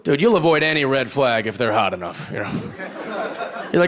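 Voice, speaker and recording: Animated stand-up man over crowd laughter. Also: mid-range voice, a little fast. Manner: animated, profane, acts out voices of others. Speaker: stand-up comedian. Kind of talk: stand-up comedy set. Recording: audience laughter throughout.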